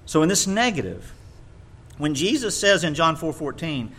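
A man preaching a sermon, reading scripture aloud and repeating words for emphasis, with big swings between loud and quiet. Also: fairly high pitch, very animated, normal speed.

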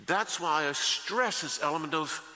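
A pastor preaching a sermon, slow and emphatic, repeating key phrases for weight. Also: male voice, a little high, bright, forceful tone. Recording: long reverb of a large hall.

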